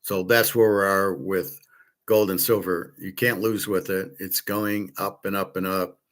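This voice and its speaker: A man's voice: low-pitched, steady tone, measured pace, a bit bright. A man talking in a blunt, rambling monologue, full of profanity, fillers and restarts, who acts out both sides of imagined conversations. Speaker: sports handicapper and commentator.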